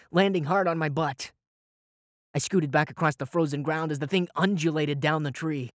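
A man's voice: fairly high pitch, normal speed, dry recording, studio quality. A man narrating a first-person audiobook in a dramatic, wry way.

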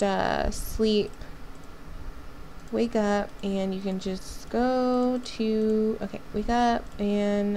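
This gaming channel host plays a life-sim game, chatting casually and talking to her characters in a relaxed let's-play style. Her voice is medium in pitch, creaky and slightly mellow, with a bit of hiss or hum underneath.

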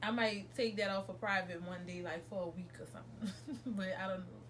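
A woman's voice: medium pitch, steady tone, a little fast, fairly bright tone, a little hiss or hum. A young woman, telling a rambling, chatty storytime to her vlog viewers from home and correcting herself as she goes. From New Orleans, USA. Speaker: vlogger. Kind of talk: casual storytime monologue.

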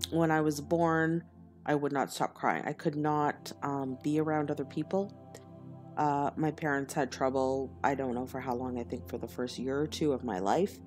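Woman, deep for her sex, confessional spiritual storyteller, soft music bed. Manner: earnest and confessional, laughs often. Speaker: spiritual teacher. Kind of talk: personal storytelling monologue.

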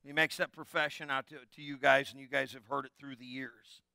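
Middle-aged male pastor, conversational jokey sermon with call-and-response, bright crisp voice. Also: medium pitch, fairly even intonation, brisk, no room sound, studio quality.

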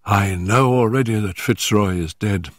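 A man's voice: lowish voice, measured pace, no room sound, clean studio sound, close to an everyday voice. An older man voicing a composed, strong-willed young woman in a story reading, speaking firmly with a slightly raised voice.

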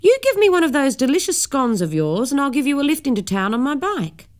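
A woman voicing a cheery, booming middle-aged man on a bicycle in a storybook reading, hearty and kindly. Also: sing-song, brisk.

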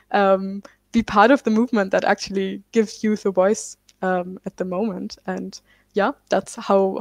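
A woman's voice: medium pitch, no echo. Dry-voiced young German woman activist. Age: 20s. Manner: relaxed, many fillers, self-correcting. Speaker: climate activist panelist. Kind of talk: panel talk.

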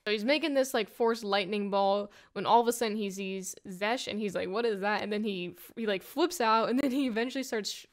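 A woman's voice: medium pitch, brisk, few pauses. A woman giving a casual, rambling plot summary of a comic, full of "like" and "you know". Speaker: comic book reviewer.

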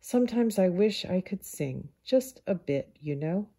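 A woman's voice: on the low side, expressive, unhurried, mellow, breathy edge, heavily acted. A woman voicing a fussy, anxious male ant who frets over his accounts, raised and exclaiming. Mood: wistful. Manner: fretful, exclaiming.

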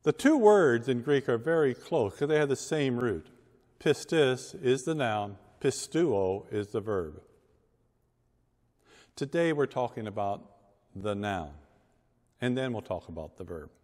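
A man, a pastor, reading scripture and preaching a sermon with measured, emphatic delivery and deliberate pauses. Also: mid-range voice, expressive, a little mellow. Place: church sanctuary. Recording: long church reverb.

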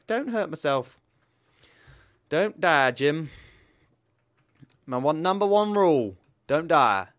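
A man's voice: medium pitch, big pitch swings, measured pace, long pauses, fairly bright tone, no echo. Playful sing-song young gaming man. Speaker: gaming YouTuber. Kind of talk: Minecraft let's play commentary.

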